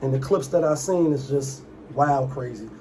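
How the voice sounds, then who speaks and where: A man's voice: mid-range voice, normal speed, dark tone, slight background noise. A young man hosting a casual commentary vlog. He rambles loosely, throws in asides and mimics the people he talks about. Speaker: commentary channel host.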